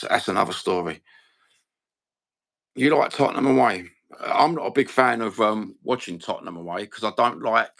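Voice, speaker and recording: A man's voice: lowish voice, vocal fry, fairly bright tone. A man with a Cockney accent hosting a casual fan livestream, blunt, sweary and rambling. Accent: London Cockney. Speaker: fan channel host.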